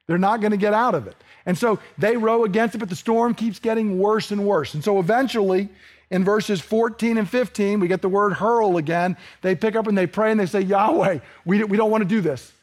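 Man, preacher, high voice, animated sermon, asks questions, acts out dialogue. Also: normal speed.

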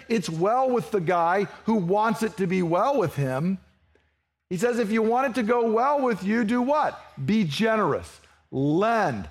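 A man preaching a verse-by-verse sermon as pastor, talking conversationally and asking his listeners to fill in words. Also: high voice. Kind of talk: expository sermon.

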